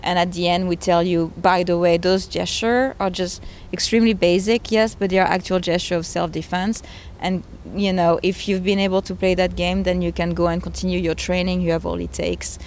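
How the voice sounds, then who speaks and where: A woman's voice: fairly low pitch, fairly even intonation, moderate pace, darkish tone. A woman in her thirties, a game creator, talking earnestly and with conviction in a conversational interview. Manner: earnest and emotional, speaks with conviction. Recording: faint background noise.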